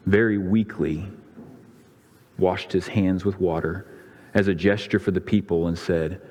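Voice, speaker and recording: Pastor, male, lower pitch, dramatic sermon storytelling, church-hall reverb. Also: steady tone, unhurried, darkish tone. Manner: dramatic storytelling, voicing the crowds' and priests' lines with rising pitch. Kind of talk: sermon retelling a scripture story. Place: church sanctuary.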